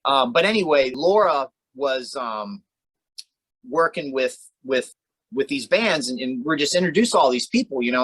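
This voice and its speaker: Man, podcast co-host, casual rambling chat, swears a lot, mid pitch, dry close mic. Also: fairly bright tone, no room sound, poor audio. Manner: laid-back, rambling, swears freely, says "man" a lot.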